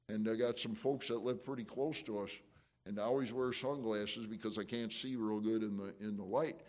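A man's voice: lowish voice, fairly even intonation, normal speed, darkish tone. A man preaching a sermon as pastor, conversational and fervent, with emotional surges, frequent restarts and folksy asides.

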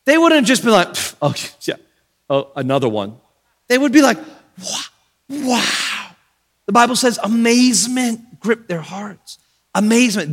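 A man with a high voice preaches with great energy, gasping in wonder and now and then shouting. His voice rings out with the long reverb of a hall. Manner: animated, with dramatic gasps and shouts. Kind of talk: sermon.

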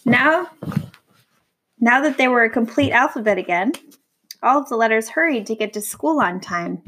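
A woman reading a picture book aloud to a young child, gentle and warm, stopping to ask the child questions. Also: a little high, animated, normal speed, slight background noise, poor audio.

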